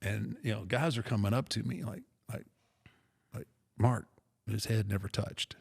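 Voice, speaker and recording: A middle-aged man casually telling a rambling, self-deprecating story with restarts, in a gravelly voice. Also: on the low side, normal speed. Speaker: podcast guest storyteller.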